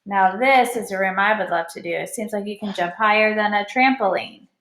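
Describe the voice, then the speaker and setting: A woman reading a picture book aloud in an animated way, pausing to ask the listener questions. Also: medium pitch. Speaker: storybook reader. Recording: roomy echo.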